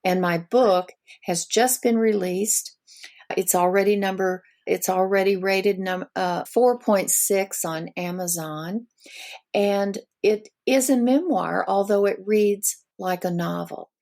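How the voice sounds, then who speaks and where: Older Southern woman guest, slow and gravelly, a natural storyteller. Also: medium pitch, a little mellow. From Ozarks of Missouri. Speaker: guest author. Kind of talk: storytelling interview.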